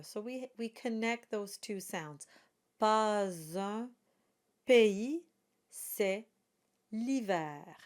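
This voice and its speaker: A woman's voice: medium pitch, a little mellow, clear, resonant tone. A woman coaching pronunciation of a song, patiently modelling sounds and repeating each one. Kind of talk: pronunciation lesson.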